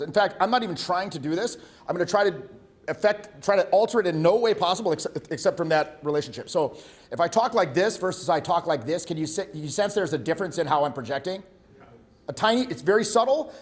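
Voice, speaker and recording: A man teaches a room full of students, casual and profane, pushing his points in a bold, direct way. His voice sits a little higher than most men's. He talks like a coach, not a lecturer. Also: lively intonation, a little fast. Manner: blunt, profane, conversational. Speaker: voice and presence coach. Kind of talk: live workshop coaching.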